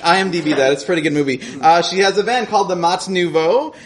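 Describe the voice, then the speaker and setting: A man's voice: high-pitched, fast talker. A man hosting a live storytelling show, introducing the next speaker with loose, joking asides. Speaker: host. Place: coffee shop stage. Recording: noisy live room with crowd.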